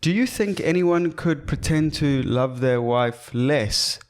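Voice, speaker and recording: A man's voice: on the high side, slow. A young man co-hosting a casual podcast, joking and swearing freely. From South Africa. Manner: joking, profane, animated. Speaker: podcast co-host. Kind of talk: casual chat.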